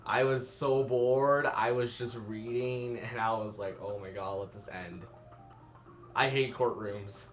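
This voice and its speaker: A young man giving rambling, self-mocking let's-play commentary and laughing at his own jokes. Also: lowish voice. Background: game music.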